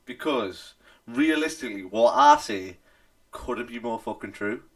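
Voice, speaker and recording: A man talks in loose, sweary podcast banter. His pitch swings up and down a lot as he gets going. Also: animated, a little slow. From North East England. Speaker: podcast co-host. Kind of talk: casual chat.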